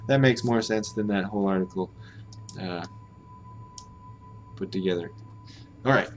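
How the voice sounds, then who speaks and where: A man's voice: sits low, unhurried, long pauses, a little hiss or hum. An American man hosting a language-learning live stream, thinking aloud in a hesitant, self-correcting way. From United States. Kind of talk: casual live-stream commentary.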